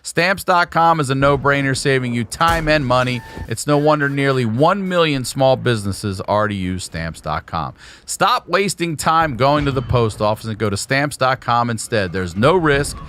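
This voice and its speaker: A man reads a sponsor ad on his podcast in a casual, upbeat way. His voice is bright and his pitch moves around a lot, with faint noise under the recording. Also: lively intonation, normal speed, hardly any pauses. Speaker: podcast host. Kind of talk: ad read and casual chat.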